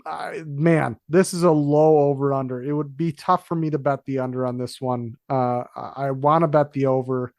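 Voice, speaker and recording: A man's voice: mid-range voice, steady tone, normal speed, few pauses, a little mellow, no echo, clean studio sound. A man co-hosting a sports podcast, talking through picks in a rambling, casual way with fillers and self-corrections. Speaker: podcast co-host. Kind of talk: casual sports betting chat.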